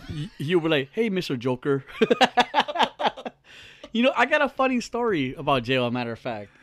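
A man's voice: a little high, sing-song, moderate pace, fairly bright tone, slight background noise. Laid-back joking male podcast host. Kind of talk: casual podcast chat. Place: small studio.

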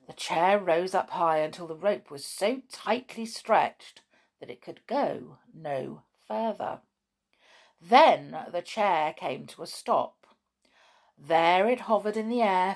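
Gentle, unhurried woman storyteller reading a children's book. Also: fairly low pitch, expressive.

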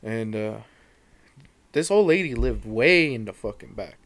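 Man, casual storytelling, middle pitch, relaxed, casual swearing, dry recording. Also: a little slow, no echo. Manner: laid-back, swears casually. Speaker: podcast guest.

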